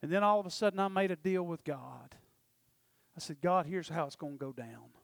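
A man preaching a testimony, storytelling with passion and swinging from loud to hushed. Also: a little high, brisk, creaky, no echo. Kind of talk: sermon testimony.

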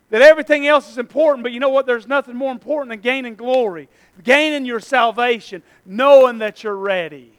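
A man with a very high voice preaching a sermon. He builds and drops his intensity, repeating phrases over and over for emphasis. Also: moderate pace, bright, forceful tone, smooth. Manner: impassioned preaching, rising and falling in intensity. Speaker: pastor.

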